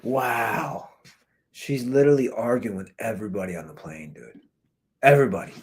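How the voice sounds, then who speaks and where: A man's voice: lowish voice, animated, normal speed, slight background noise. A man in his thirties hosting his own podcast, ranting casually about a viral video and often saying "dude" and "man". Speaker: podcast host. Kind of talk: ranting commentary. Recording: recorded through a computer mic.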